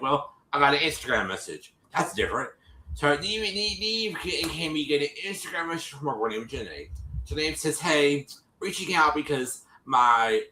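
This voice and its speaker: Bright-voiced man recapping a show. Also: mid-range voice, reverberant, poor audio. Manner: rambling, restarts often, acts out quotes. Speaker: co-host recapping a TV episode. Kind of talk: casual livestream recap.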